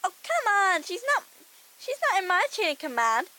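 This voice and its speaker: A woman's voice: very high-pitched, big pitch swings, normal speed, sharp tone, voice pushed up, full character voice. A woman voicing Zuri, a playful, cheeky young alien crew member, in an amateur audiobook reading. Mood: cheerful.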